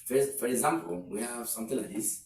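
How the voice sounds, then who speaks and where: Male tutor, steady board-side explainer, echoey room, mic set back. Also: medium pitch, a little fast, distant mic, a little hiss or hum. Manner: explaining step by step, repeats words, fillers. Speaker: English tutor. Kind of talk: exam-prep lesson.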